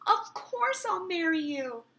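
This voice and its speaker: A high, shrill older lady gushes with delight, voiced by a woman reading a storybook aloud. The tone is bright and piercing, and she sounds breathless with joy. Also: very animated, slow pace, full character voice.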